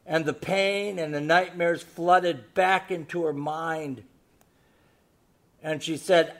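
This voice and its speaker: A man with a high, light voice preaches a sermon. He drops to a near hush while telling a story, then builds to loud, emphatic exhortation. He keeps asking the congregation rhetorical questions. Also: fairly even intonation, slow pace. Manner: swings between hushed storytelling and loud exhortation. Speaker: pastor.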